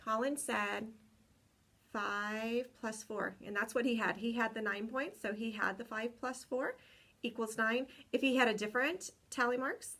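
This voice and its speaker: A woman teaching a class of young children, spelling words slowly letter by letter and encouraging them. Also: a little high, creaky, fairly bright tone. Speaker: kindergarten teacher.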